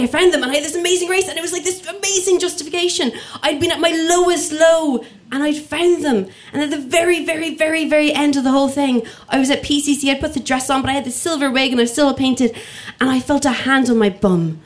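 A woman telling a funny personal story to an audience, lively and acting out the voices of people in it. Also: sits high. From Ireland. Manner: lively comic delivery, acts out quoted voices.

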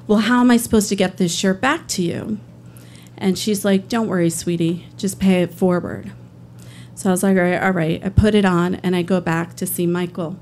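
Earnest woman storyteller, plain conversational delivery, mid-pitched voice. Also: slight background noise. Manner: earnest, conversational, slowing at emotional moments. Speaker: public defender telling a personal story. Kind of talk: live personal storytelling.

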